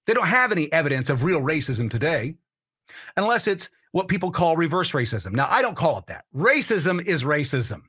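A man's voice: a little high, big pitch swings, normal speed, pushed and bright, breathy edge. A man hosting a political commentary show, ranting in a heated, blunt and profane way. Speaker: host.

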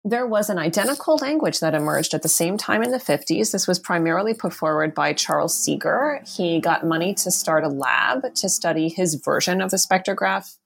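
A woman's voice: on the low side, animated, moderate pace, creaky, hardly any pauses, slightly rough. A woman, an author, answering an interview question about her book, thinking aloud with many ums and restarts. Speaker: author and guest.

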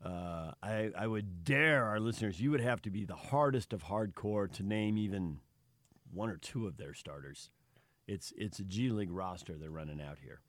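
A man's voice: fairly low pitch, animated, normal speed, no echo. A man co-hosting a sports radio show, talking conversationally and analytically. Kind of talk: casual sports talk.

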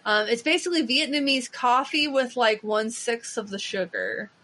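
A woman's voice: a little high, big pitch swings, moderate pace, a bit bright. A woman co-hosting a podcast in casual chat, rambling with frequent restarts and fillers. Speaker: podcast co-host.

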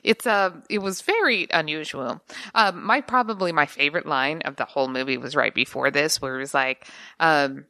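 A woman's voice: sits low, moderate pace, pushed and bright, no room sound, clean studio sound. Easygoing woman retelling movie scenes. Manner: easygoing, quotes scenes with exaggerated voices. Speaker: podcast co-host. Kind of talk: casual movie recap chat.

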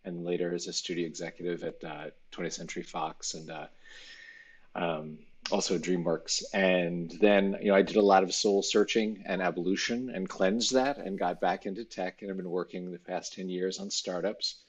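Very deep, husky-voiced man. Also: level tone, normal speed. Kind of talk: casual interview talk.

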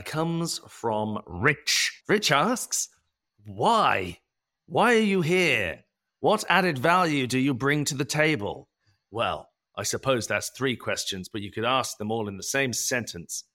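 A man's voice: medium pitch, very animated, slow, sharp tone, full character voice. A man playing an earnest, hesitant radio producer in a comedy podcast.

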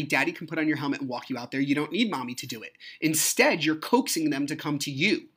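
A man's voice: a little high, lively intonation, quick pace, fairly bright tone, breathy edge. A man hosting his own podcast, telling a personal story in a frank, heated way with plenty of swearing. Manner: frank, profane, heated retelling. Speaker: podcast host.

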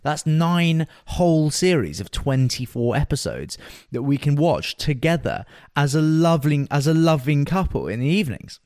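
Chatty guy co-hosting a podcast, voice jumps around a lot, kinda highish, teasing back and forth. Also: moderate pace, no echo, studio quality. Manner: animated, teasing banter. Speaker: podcast co-host. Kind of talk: casual chat.

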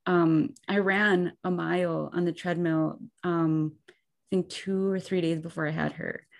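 A young woman with a lowish, creaky voice co-hosts a podcast at an unhurried pace. She chats casually and animatedly, telling stories and saying "like" constantly.

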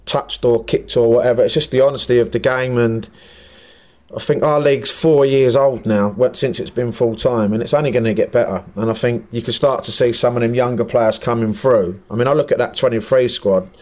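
Plain-spoken English man, mid-pitched. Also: fairly even intonation, a little fast, darkish tone. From England. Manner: plain-spoken, many fillers like "yeah, no". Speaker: football manager guest. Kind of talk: casual chat.

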